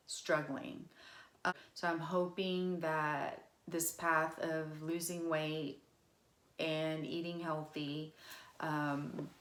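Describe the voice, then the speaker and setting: A woman, talking emotionally and haltingly in a casual personal vlog, with many fillers and restarts. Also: fairly low pitch. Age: 40s. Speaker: vlogger. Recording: echoey room.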